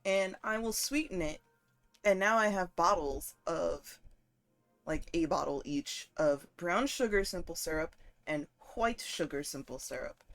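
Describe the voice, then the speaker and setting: A woman streamer chatting casually and profanely while she plays a game, getting worked up and loud at times. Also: lowish voice, lively intonation, a little slow, soft background music. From northern United States. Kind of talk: casual gaming stream chat.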